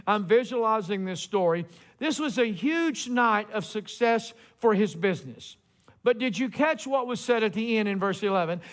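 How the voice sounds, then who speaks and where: Male pastor, very high voice, storytelling sermon with animated quoted lines. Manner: storytelling preacher, acts out quotes with rising emphasis.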